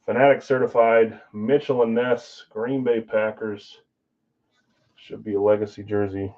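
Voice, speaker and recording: A man's voice: fairly low pitch, steady tone, measured pace, a little mellow, muffled recording. A man hosting a live sports card break stream, chatting casually with viewers while he opens packs.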